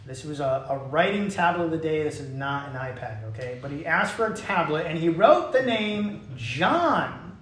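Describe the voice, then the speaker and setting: A man's voice: a little high, animated, normal speed, hardly any pauses, fairly bright tone. A man preaching a sermon in a conversational way, with casual asides and restarts. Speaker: pastor. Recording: echoey room.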